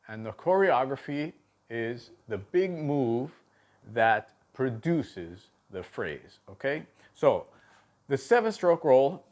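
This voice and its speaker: Male drum instructor, unhurried and halting, middle pitch, counts strokes aloud. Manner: halting, with many fillers and restarts, counting aloud. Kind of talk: video drum lesson.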